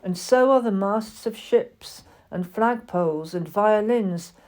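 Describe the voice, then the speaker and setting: A woman voicing a small, shy but dignified wooden girl doll, speaking softly and earnestly. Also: medium pitch, slow pace, voice pushed up, close to an everyday voice.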